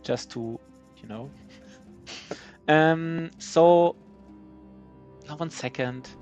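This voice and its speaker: A man's voice: a little high, drawn-out words, a little mellow, clean tone, dull audio, soft background music. A man with a German accent, a native German speaker, giving live gameplay commentary in a rambling, self-mocking way with many restarts. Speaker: streamer.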